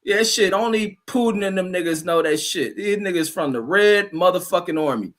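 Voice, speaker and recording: High-voiced man ranting, heavy slang. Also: expressive, normal speed. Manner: loud, combative, heavy cursing, stumbles over names. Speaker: show host. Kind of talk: profane live-stream rant.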